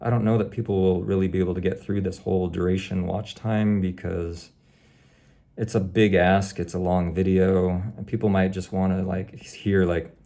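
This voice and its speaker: A man's voice: sits low, little pitch movement, normal speed, gravelly, mellow. A man talking to camera in a candid, rambling vlog, sounding weary and reflective. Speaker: YouTube creator.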